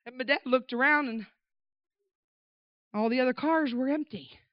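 A woman preaching through a lively personal story, with emphatic, animated delivery. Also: sits high, moderate pace, no room sound. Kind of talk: storytelling sermon. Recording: dull dry recording.

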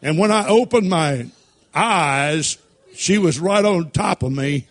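Animated storytelling preacher man. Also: on the high side, slow pace. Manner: animated, folksy storytelling, laughs at his own stories. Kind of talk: sermon storytelling.

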